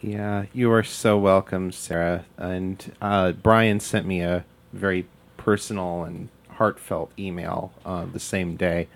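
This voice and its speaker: Male host, very deep, measured, warm chat. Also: level tone. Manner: laughs often, slow and heartfelt. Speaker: podcast host and novelist. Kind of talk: casual chat.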